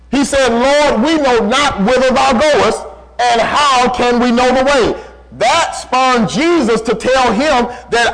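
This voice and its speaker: A male preacher with a strikingly high-pitched voice delivers a sermon. He hammers home key phrases through repetition and slows down, dropping lower, when he quotes scripture. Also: low-quality recording. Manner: emphatic, repeating key phrases.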